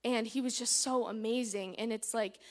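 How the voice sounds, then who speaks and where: A woman's voice: fairly high pitch, fairly even intonation, normal speed. A woman giving a personal church testimony, chatty and candid, retelling events with lots of "I was like" and nervous fillers. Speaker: testimony speaker.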